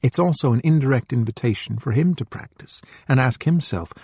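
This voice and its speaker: A middle-aged man reading a spiritual book aloud as an audiobook narrator, in a gentle, measured way. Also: mid-range voice, animated, breathy edge, dry recording.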